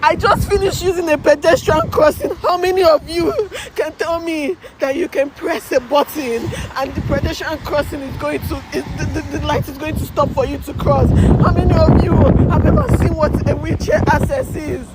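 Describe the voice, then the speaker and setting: A woman's voice: high-pitched, steady tone, moderate pace, few pauses. A woman, tearful and raw, venting her frustration through repeated swearing while standing by a road. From Nigeria. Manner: raw, repetitive, swearing, breaking down. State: crying. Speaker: emigrant sharing her story. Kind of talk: emotional venting to camera. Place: outdoors by a road. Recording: loud traffic noise behind.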